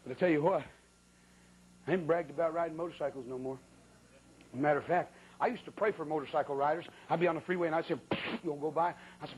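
A man's voice: fairly high pitch, expressive, quick pace, slight background noise, rough recording. A man preaching a sermon who tells a funny story about his own misfortunes in a folksy, colloquial way with sudden exclamations.

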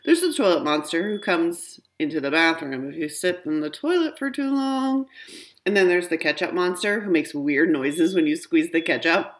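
Lady reading a kids storybook, low-ish voice, super lively and bouncy. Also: moderate pace. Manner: animated, expressive. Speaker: reader.

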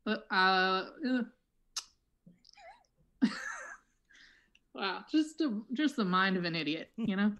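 A woman's voice: medium pitch, expressive, slow, long pauses, a bit bright, lo-fi sound. A woman playing a smug, boastful male tech billionaire with a put-on South African accent, in an online improv comedy show. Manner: smug, mocking. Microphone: computer mic on a video call.

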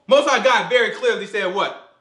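A man leading a casual Bible study, animated and conversational, acting out the quotes he explains. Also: high voice, normal speed. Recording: echoey room.

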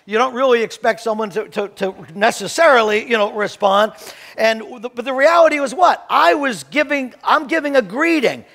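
A middle-aged pastor preaching a sermon in a high voice with a gravelly edge. He tells stories with lively energy and acts out bits of everyday talk, and he prays in a reverent tone. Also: fairly quick. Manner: animated storytelling, acts out greetings; reverent prayer.

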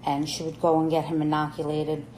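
A woman's voice: deep voice, monotone, brisk, echoey room, background noise. A middle-aged woman on a casual livestream, telling family stories in a candid, rambling, emotional way while she cooks. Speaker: livestream host talking about her family.

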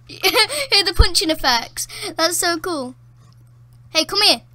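A high-pitched woman narrates her gameplay in a casual, rambling way, with a bright, sharp edge to her voice. She gets excited easily, gasping, laughing and exclaiming as she plays. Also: slow. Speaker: gameplay commentator. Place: at home in a dark room.

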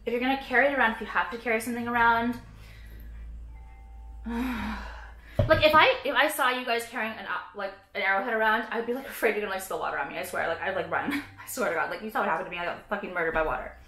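A woman's voice: a little high, fast, sharp tone, reverberant. A woman vlogging casually, ranting about products with heavy swearing, sarcasm and lots of "like". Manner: profane, sarcastic, frequent "like".

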